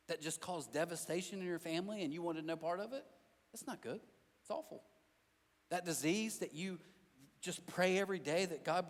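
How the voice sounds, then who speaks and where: A man preaching a sermon as a pastor, telling animated stories with self-deprecating jokes and talking directly to the crowd in a church auditorium. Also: high-pitched. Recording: long hall reverb.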